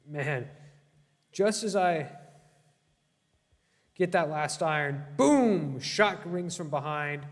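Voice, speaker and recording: A man's voice: on the high side, lively intonation, slow pace, pauses often. A young man streaming a game, giving casual gameplay commentary, yelping in alarm and bantering with his chat. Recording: long reverb.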